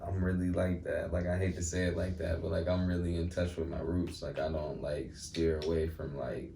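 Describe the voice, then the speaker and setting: A man's voice: low-pitched, level tone, moderate pace, gravelly. A young man from Milwaukee telling laid-back, slangy stories as a guest in a casual chat. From Milwaukee, Wisconsin. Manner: laid-back slangy storytelling, lots of "you know what I'm saying". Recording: roomy echo, distant mic, faint noise.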